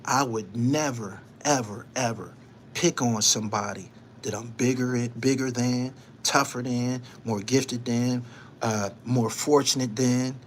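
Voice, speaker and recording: A man's voice: mid-range voice, fairly even intonation, measured pace, a little hiss or hum. A man hosting his own online show, delivering a heated live-stream monologue, emphatic and repetitive, scolding someone and invoking his faith.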